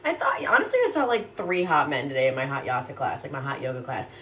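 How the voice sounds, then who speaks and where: A young woman in a casual ranting monologue, exasperated and swearing freely, her pitch jumping up and down. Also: big pitch swings, fairly bright tone, a little hiss or hum. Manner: exasperated, swears a lot, quick shifts in pitch. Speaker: TikTok creator.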